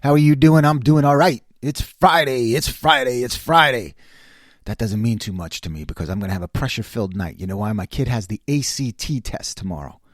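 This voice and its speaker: Animated fifties man hosting a talk show. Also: dry recording, clean studio sound. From New York. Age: 50s. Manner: animated, rambling, self-mocking, quick swings from low mutter to loud exclaiming. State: slight voice cracks. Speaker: host. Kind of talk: casual solo talk show.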